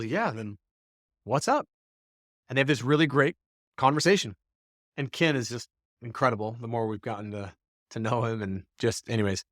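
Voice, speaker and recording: A man co-hosting a podcast, telling a long anecdote in a casual, animated way and acting out what other people said. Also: mid-range voice, dry recording, clean studio sound. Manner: animated storyteller, acts out quotes of others. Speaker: podcast co-host. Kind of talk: casual storytelling.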